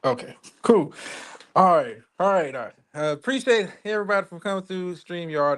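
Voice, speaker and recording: Tired, gravelly male stream host. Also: high-pitched, lively intonation, moderate pace. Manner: profane, loose, rambling. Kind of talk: casual live-stream sign-off. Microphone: phone.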